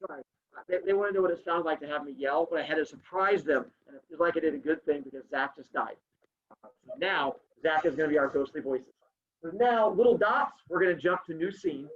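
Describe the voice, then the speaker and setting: A man's voice: a little high, fairly quick. A male teacher reading a story aloud to his class over a video call, joking with the students between passages. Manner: playful, joking asides to students. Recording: dull lo-fi sound.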